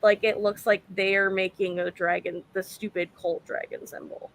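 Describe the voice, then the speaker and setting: A woman playing a tabletop game, talking excitedly and chattily with lots of fillers. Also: mid-range voice, moderate pace, no room sound. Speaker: player. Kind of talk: casual tabletop play.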